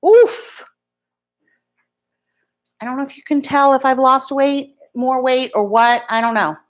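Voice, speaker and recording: A woman's voice: high voice, steady tone, moderate pace. Chatty woman in her fifties. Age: 50s. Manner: rambling, chatty, talks to live viewers by name. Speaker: beauty vlogger. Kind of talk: casual chat to viewers. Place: home in Florida.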